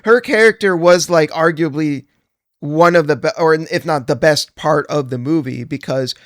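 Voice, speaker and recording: Higher-voiced man, dry close podcast sound. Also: moderate pace, no room sound. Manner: enthusiastic, easygoing, laughs often. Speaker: podcast co-host. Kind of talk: casual podcast discussion.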